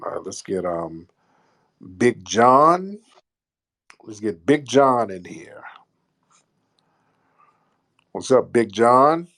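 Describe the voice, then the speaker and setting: A man's voice: mid-range voice, big pitch swings, slow, a bit bright. A man hosting a live call-in room, bantering with callers in a crude, mocking, joking way.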